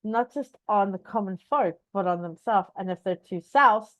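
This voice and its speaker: A woman's voice: mid-range voice, normal speed, a bit bright, no room sound. A woman answering trivia questions in a playful, silly way at a casual games night. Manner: playful, silly, giggly storytelling. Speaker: trivia game player, channel host. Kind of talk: casual party game chat.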